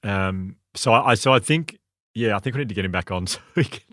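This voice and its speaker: A man's voice: on the low side, sharp tone, no room sound, studio quality. A man co-hosting a podcast in casual chat, enthusiastic, often restarting his sentences. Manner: quick, self-correcting, enthusiastic. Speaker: podcast co-host.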